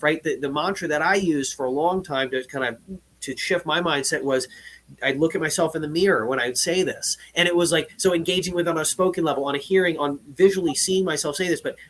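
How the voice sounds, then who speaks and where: A man who is a guest on a talk show, speaking earnestly and casually, often ending points with "right?" and getting louder and higher when he is excited. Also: a little fast, a little hiss or hum. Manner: earnest, says "right?" again and again; gets loud and high when excited. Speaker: podcast guest, life coach.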